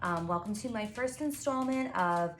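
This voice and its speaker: A woman in her forties with a Long Island New York accent, a pastry chef giving a chatty, fast how-to talk full of asides and fillers. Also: medium pitch, expressive. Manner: fast, chatty and self-apologetic, with frequent fillers. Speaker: pastry chef and baking teacher. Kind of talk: casual instructional talk to camera.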